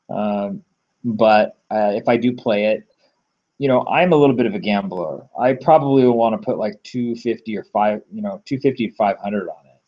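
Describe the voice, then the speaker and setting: A man's voice: on the low side, a little mellow. Rambling, blunt man on a dull lo-fi recording. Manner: rambling, filler-heavy, blunt with casual swearing. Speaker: MMA betting tipster. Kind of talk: casual solo commentary.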